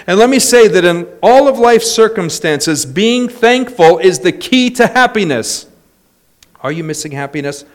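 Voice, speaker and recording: A middle-aged man preaching a sermon, telling stories with joking asides. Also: fairly high pitch. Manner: lively storytelling with joking asides. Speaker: pastor.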